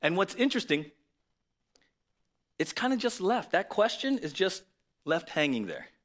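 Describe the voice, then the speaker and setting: A man preaching a sermon in an animated, conversational way, often asking rhetorical questions. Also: high voice, a little slow. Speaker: pastor.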